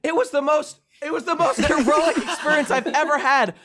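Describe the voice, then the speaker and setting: A man on a comedy podcast, telling a mock-patriotic story and breaking into shouted singing. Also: very high-pitched, moderate pace. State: hoarse from shouting. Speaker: podcast host.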